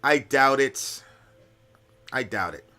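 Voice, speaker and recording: A man's voice: mid-range voice, expressive, slow pace, pushed and bright. A man hosting a live stream, answering viewer questions in a casual, conversational storytelling manner, often checking in with "right?".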